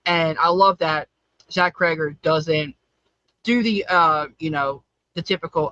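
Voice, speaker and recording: A high-voiced man with a bright, forceful tone, hosting a film podcast and gushing enthusiastically. The recording is dry and slightly dull, with a lo-fi edge. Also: unhurried, no room sound. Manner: enthusiastic, upbeat. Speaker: podcast host presenting award categories. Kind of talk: casual film discussion.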